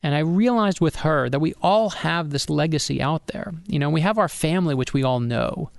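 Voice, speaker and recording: A middle-aged man, an author being interviewed on a podcast, telling a personal story with animated energy and acting out the people he quotes. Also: fairly high pitch, moderate pace, gravelly, dry recording. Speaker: author guest.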